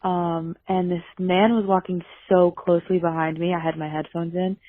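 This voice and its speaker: A woman's voice: fairly low pitch, level tone, moderate pace. Hesitant woman on a tinny phone line. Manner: hesitant, full of uhs. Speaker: caller leaving a voicemail. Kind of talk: recorded voicemail story.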